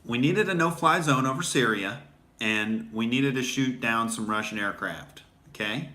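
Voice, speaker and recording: Male comic host, sarcastic ranter, bright edgy voice, echoey room. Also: medium pitch, moderate pace. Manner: sarcastic, mocking, swears freely. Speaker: comedian host. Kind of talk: sarcastic comedy rant.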